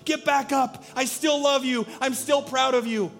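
A man voicing God the Father, excitedly cheering on his children from heaven. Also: very high-pitched, unhurried, gravelly, faint music behind, pitched above the performer's own voice, exaggerated voice. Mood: elated cheering. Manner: excited, shouting encouragement.

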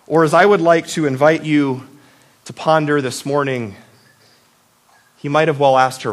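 A man's voice: on the high side, fairly even intonation, measured pace, pauses often. A male pastor giving a casual, joking Easter sermon, often checking in with "right?" and asking the audience reflective questions.

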